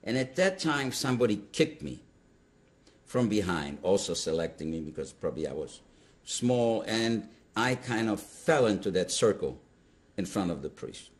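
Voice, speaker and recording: Older man, low voice, very lively intonation, emphatic survivor testimony. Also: normal speed. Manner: emphatic, animated storytelling with sudden stresses. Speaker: Holocaust survivor giving testimony. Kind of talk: recounting personal memories to an interviewer.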